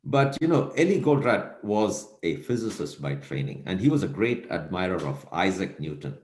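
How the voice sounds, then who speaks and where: A man's voice: low-pitched, a little mellow. A man giving a recorded lecture, telling a story and asking the audience rhetorical questions. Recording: echoey room.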